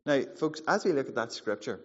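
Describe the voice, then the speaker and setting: A man in his forties preaching a sermon, animated and playful, acting out the voices in the story. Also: medium pitch, fairly quick. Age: 40s. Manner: animated, playful, acts out quotes. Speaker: pastor. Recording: muffled sound in a large hall.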